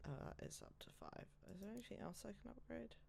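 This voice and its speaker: A woman's voice: mid-range voice, expressive, fast, creaky, very noisy. A woman streaming a video game, chatting casually and rambling as she plays, swearing and laughing at her mishaps. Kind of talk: casual gameplay commentary.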